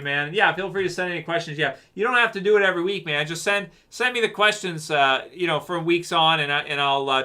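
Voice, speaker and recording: Fairly high-pitched, pushed and bright, this male livestream host chats casually with his audience and reads their comments. He's laid-back and rambling, leans on plenty of fillers, and keeps calling listeners "man."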